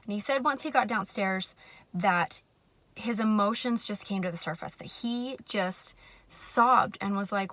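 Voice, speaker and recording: A woman telling a personal faith story to camera, earnest and reflective, sometimes soft and hushed. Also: medium pitch, measured pace, dry recording. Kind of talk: personal testimony.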